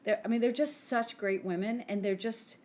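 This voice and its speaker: Co-hosting a podcast, a woman in her forties spins stories in a relaxed, chatty way, often saying "like" and acting out what people said. Her voice is a little high and a little mellow, with a steady tone and moderate pace.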